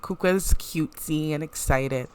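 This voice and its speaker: A woman's voice: deep voice, unhurried, a little mellow. Chatty giggly woman narrating a game. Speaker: let's-play host.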